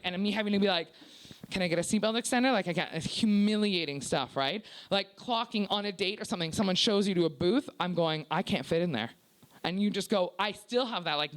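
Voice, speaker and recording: A young woman doing a stand-up comedy set, confessional and profane, full of "like" fillers and acted-out quotes. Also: mid-range voice. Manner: acts out quoted people in shifted voices.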